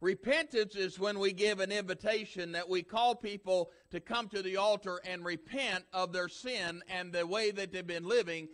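A man's voice: sits high, steady tone, moderate pace, hardly any pauses, fairly bright tone. A man preaching a sermon as pastor, emphatic and repetitive, building force through repeated lines.

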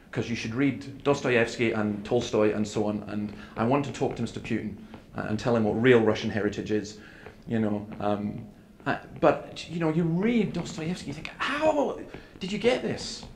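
Speaking at a moderate pace with few pauses, a man of medium pitch preaches an earnest seminar talk. His stories include quoted dialogue, and the audio comes from an echoey hall with faint room noise.

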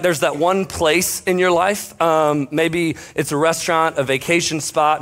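Joking young pastor with a raised voice. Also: male voice, a little high, a bit bright. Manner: jokey, self-deprecating, lots of fillers. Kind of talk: casual storytelling sermon. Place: church stage before a congregation.

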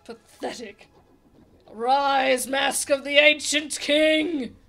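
A woman voicing a smug male villain dark lord, reading game dialogue aloud with slow, theatrical menace. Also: high voice, fairly even intonation, vocal fry, full character voice. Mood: commanding.

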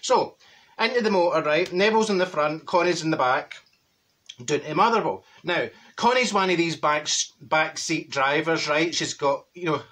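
In a comedic monologue, a man voices a chatty middle-aged Glaswegian gossip with a broad local accent, telling meandering stories full of malapropisms. His voice is on the high side, fairly bright and close to everyday speech, at normal speed with a faint hiss or hum.

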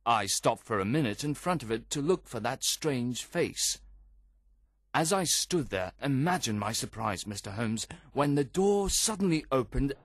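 A man's voice: medium pitch, very animated, a little slow. Man reading a story expressively. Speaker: audiobook reader. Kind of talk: scripted first-person narration.

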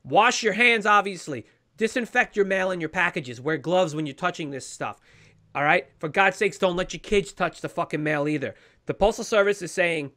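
A man's voice: high voice, normal speed, pushed and bright. A man co-hosting a podcast, ranting heatedly with lots of swearing and pleading with listeners. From New York. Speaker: podcast co-host. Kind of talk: casual podcast rant.

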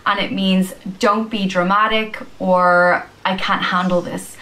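A woman from Ireland with an Irish accent, patiently explaining slang phrases and acting out examples, with frequent pauses and "um". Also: mid-range voice, steady tone, a bit bright, poor audio. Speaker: slang teacher in a video.

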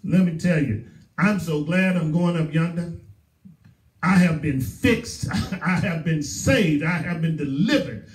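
A man's voice: fairly high pitch, a little slow. A male pastor with a Southern US accent, preaching a sermon with emphatic repetition. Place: church sanctuary. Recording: roomy echo, voice from far off.

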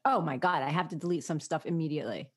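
A woman's voice: deep voice, fast talker, breathy edge. A woman co-hosting a podcast over a remote call, teasing and laughing a lot in casual chat. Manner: laughs often, loud and teasing. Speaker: podcast co-host.

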